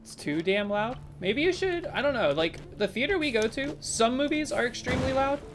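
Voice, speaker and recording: A woman streaming a game live, chatting casually with viewers in a playful way and breaking into sudden loud exclamations. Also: fairly high pitch, lively intonation, normal speed, music in the background.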